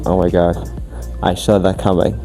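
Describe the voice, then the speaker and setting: A man's voice: low voice, flat delivery, normal speed, over music. A man, an English teacher explaining at length on a podcast, emphatic and often restarting his phrases. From Angola. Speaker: English teacher being questioned.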